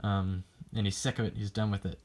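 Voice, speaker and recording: A man's voice: on the low side, level tone, a little fast, noisy background. A young man giving a class presentation on a poem, hesitant and full of ums, reading quotes aloud as he explains them. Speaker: student presenting a poem analysis.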